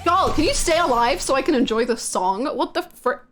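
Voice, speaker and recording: A woman's voice: high-pitched, lively intonation, moderate pace, fairly bright tone, faint music behind. A young woman live streaming a video game, chatting casually with her viewers, laughing often and swearing freely. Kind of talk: casual gaming stream chat.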